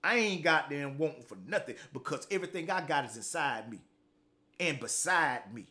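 A middle-aged man holds forth in an unscripted motivational monologue as a talk show host. His voice sits high for a man, and he talks in a blunt, profane, preachy way, dropping "man" after nearly every phrase. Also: lively intonation, normal speed, sharp tone.

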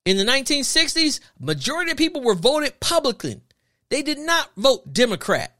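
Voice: high voice, very animated, a little fast, pushed and bright. A podcast host delivering an emphatic, preachy opinion monologue full of rhetorical questions and repeated phrases.

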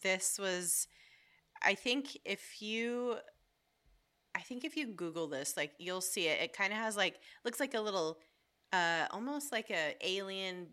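A woman's voice: medium pitch, lively intonation, a little slow, pushed and bright. A young woman co-hosting a podcast, telling a story in a rambling, filler-heavy way. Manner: rambling, many fillers and restarts. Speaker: podcast co-host. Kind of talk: casual chat.

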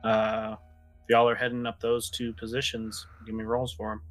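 A man's voice: medium pitch, monotone, moderate pace, faint music behind. A man narrating a tabletop game as game master, casual and drawling, with fillers and swearing.

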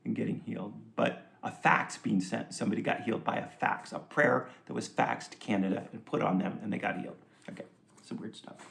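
A man preaching a sermon in a conversational, joking way, with asides and quick laughs. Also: medium pitch, creaky. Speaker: pastor. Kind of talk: sermon teaching.

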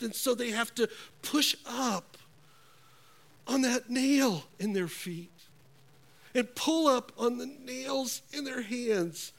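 Man preaching slow and earnest, kinda high voice, goes quiet for effect. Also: vocal fry. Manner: slow, earnest preaching with dramatic hushed drops. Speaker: pastor. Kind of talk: sermon.

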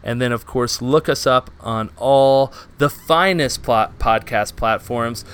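A man's voice: medium pitch, slow pace, hardly any pauses, fairly bright tone, clear, resonant tone. A man hosting a casual gaming podcast, chatting with enthusiasm. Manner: enthusiastic, upbeat sign-off. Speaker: podcast host.

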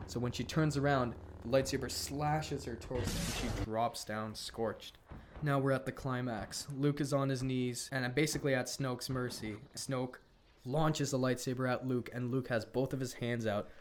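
A man casually retelling a film story as a podcast co-host, laughing often and tossing in quick character quotes. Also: medium pitch, fairly even intonation, slight background noise. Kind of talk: casual animated storytelling chat.

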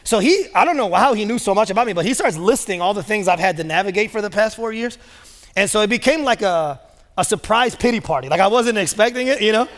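A man's voice: high voice, animated, fast talker, fairly bright tone. A man preaching a sermon as pastor, telling stories in a casual way with many fillers. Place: large church auditorium. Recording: long reverb of a large church hall.

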